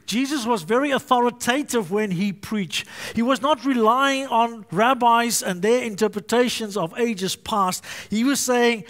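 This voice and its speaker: A man's voice: extremely high pitch, measured pace, fairly bright tone. A male pastor preaching a sermon, emphatic and fond of repetition and alliteration.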